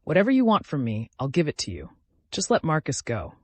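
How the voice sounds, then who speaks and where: A man's voice: on the high side, huge pitch swings, fairly quick, darkish tone, dry recording. A man voicing a frightened, remorseful young woman who pleads earnestly. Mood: pleading.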